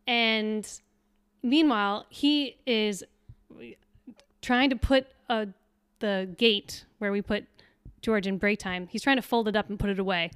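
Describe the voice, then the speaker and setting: A woman's voice: mid-range voice, unhurried, a bit bright, clear, resonant tone, no room sound, studio quality. A young adult woman co-hosting a podcast, telling a story in casual chat and acting out the quotes. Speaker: podcast co-host.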